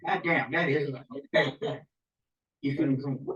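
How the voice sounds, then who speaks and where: A man giving a rambling, animated informal spiritual lecture to a small audience, often checking in with his listeners. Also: medium pitch, measured pace. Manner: rambling, animated, often asks "you see what I'm saying". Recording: dull, echoey room recording from a distance.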